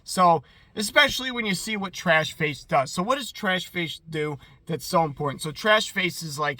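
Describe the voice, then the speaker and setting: This man rambles through an episode recap in a loose, chatty way, leaning on "like" constantly. His voice is bright and slightly high. The sound is dry and close to the mic. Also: animated, moderate pace, dry recording. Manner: rambling and chatty, heavy use of "like". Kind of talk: casual commentary.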